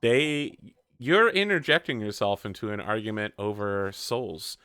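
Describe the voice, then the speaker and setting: A young man running a tabletop game as game master, relaxed, explaining rules and laughing often. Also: on the low side, unhurried, clear, resonant tone, dry recording.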